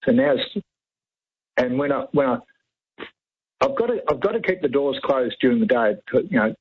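A man's voice: mid-range voice, very animated, normal speed, husky. An Australian man calling in to a radio show, rambling on and talking over the host. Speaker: caller. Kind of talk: phone-in radio chat. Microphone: telephone. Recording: tinny phone line.

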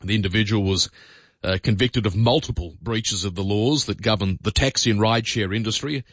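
Opinionated Australian radio host, low voice. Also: male voice, a little fast, fairly bright tone, no echo. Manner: conversational, opinionated, rambling with many fillers. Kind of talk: talkback radio monologue. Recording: dull lo-fi radio broadcast.

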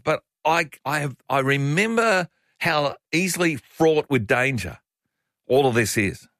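A man's voice: mid-range voice, lively intonation, moderate pace, a bit bright, dry recording, clean studio sound. An older Australian man hosting talkback radio, chatty and opinionated, reading out listener messages.

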